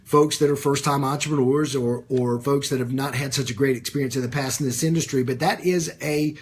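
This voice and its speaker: A man giving a live-streamed business coaching talk, conversational, with many fillers and repeated phrases, pausing to greet viewers by name. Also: mid-range voice, fairly even intonation.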